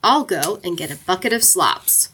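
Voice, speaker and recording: A woman reading the lines of a calm middle-aged farmer in a storybook, steady and coaxing. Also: lowish voice, normal speed, husky, exaggerated voice.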